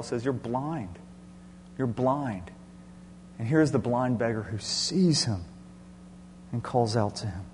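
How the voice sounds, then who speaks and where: Preacher man in an echoey hall. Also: mid-range voice. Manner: earnest, explanatory, swings to loud passion. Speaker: pastor. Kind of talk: sermon. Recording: echoey hall with faint hum.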